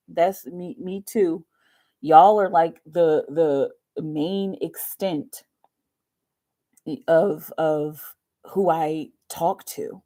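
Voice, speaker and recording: A woman's voice: fairly low pitch, dark tone. A young woman hosting a tarot livestream, chatting casually to viewers in a rambling way, laughing often and saying "like" a lot. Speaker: tarot reader livestream host.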